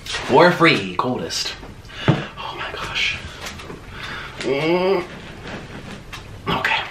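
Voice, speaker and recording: A man's voice: mid-range voice, sing-song, drawn-out words, reverberant, background noise. A man hosting a casual eating vlog in a playful, theatrical, sing-song manner. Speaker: mukbang host.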